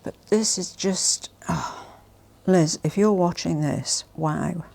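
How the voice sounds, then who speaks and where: A woman vlogger presenting a haul in a casual, gushing and emotional way, often dropping to soft whispers. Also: fairly low pitch, slow pace, vocal fry. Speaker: fashion vlogger.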